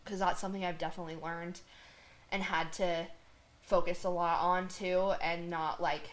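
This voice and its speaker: A woman's voice: lowish voice, level tone, moderate pace. A woman hosting a podcast, speaking reflectively in a casual conversation. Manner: reflective, conversational, laughs between thoughts. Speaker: podcast host.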